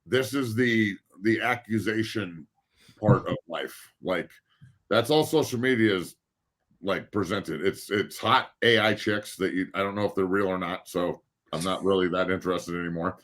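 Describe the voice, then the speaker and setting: A man's voice: deep voice, moderate pace, a bit bright. Blunt, profane man ranting in debate. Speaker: guest panelist. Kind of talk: heated casual debate.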